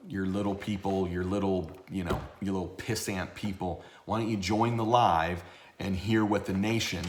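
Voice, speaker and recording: A man's voice: on the low side, reverberant. A man who works as a tax accountant and educator, ranting in blunt, sarcastic video commentary. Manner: animated and blunt, with a sarcastic edge.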